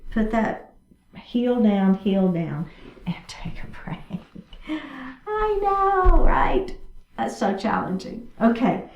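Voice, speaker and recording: A woman leading a chair yoga class, cueing each movement step by step in a chatty, encouraging way. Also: on the high side. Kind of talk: guided exercise class instruction. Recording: echoey room, mic at a distance.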